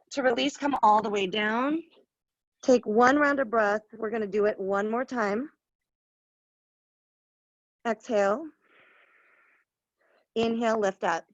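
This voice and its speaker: A woman leading a yoga class, giving firm, steady cues with bits of encouragement. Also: mid-range voice, dry recording, highs cut off. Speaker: yoga instructor. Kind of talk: live class instruction.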